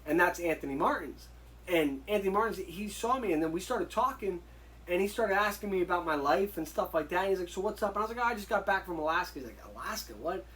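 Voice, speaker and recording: A man, a guest in an interview, telling stories in a casual, animated way and acting out the dialogue he quotes. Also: sits high, fast, low-quality recording. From United States. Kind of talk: casual storytelling.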